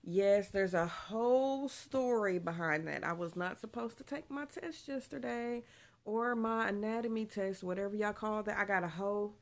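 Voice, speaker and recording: A woman's voice: mid-range voice, normal speed. A young woman, chatting casually in a pregnancy vlog, a bit out of breath, laughing often. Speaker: vlogger.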